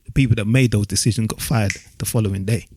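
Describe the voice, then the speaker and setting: A man's voice: fairly low pitch, fairly even intonation, fast, warm tone, slight background noise. A man co-hosting a casual podcast, talking in an earnest, opinionated way. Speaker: podcast co-host. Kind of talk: casual chat.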